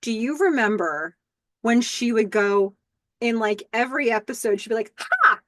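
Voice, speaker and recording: A woman hosting a podcast, recapping a TV episode in a casual, animated way and reading the characters' lines aloud in playful voices. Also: on the high side, moderate pace, dry recording, clean studio sound.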